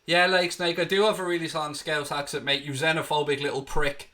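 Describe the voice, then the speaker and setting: A man from Ireland hosting a fan channel, giving excitable, blunt and sweary live watchalong commentary on a match. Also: on the high side, a little fast.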